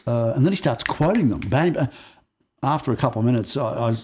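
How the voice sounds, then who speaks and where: A man's voice: medium pitch, a little fast, breathy edge. A man, a podcast guest, telling personal stories and acting out the dialogue as he goes. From Australia. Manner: animated storyteller who acts out quoted dialogue. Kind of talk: personal storytelling in conversation.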